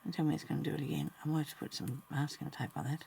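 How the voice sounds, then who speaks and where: A woman with a deep, creaky, warm voice talks very fast and with fairly even intonation as she embroiders, muttering to herself and chatting with viewers in a casual talk-along crafting vlog. A little hiss or hum is present.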